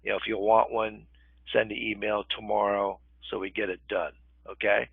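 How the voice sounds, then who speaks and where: An older man with a gravelly voice leads a live webinar in a relaxed, conversational way, pausing often to check in with his listeners. The audio is thin and phone-like. There is no room echo at all. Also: on the low side. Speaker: real estate webinar instructor. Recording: tinny phone-line webinar audio, dry.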